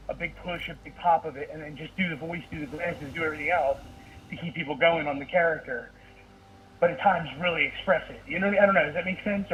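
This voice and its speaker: A man's voice: fairly high pitch, fairly bright tone, distant mic, slight background noise, poor audio. A man calling in to give casual advice, speaking hesitantly with many fillers and downplaying himself. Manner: hesitant, filler-heavy, self-deprecating. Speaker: caller, writer.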